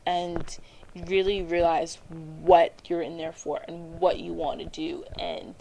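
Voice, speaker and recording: An animated teenage girl speaks straight to a handheld camera in a personal confessional vlog, her pitch leaping up and dropping to near whispers as she acts out her own inner voice. Her voice sits low for a girl, with faint clicks and hiss under the recording. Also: slow pace, gravelly. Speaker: vlogger.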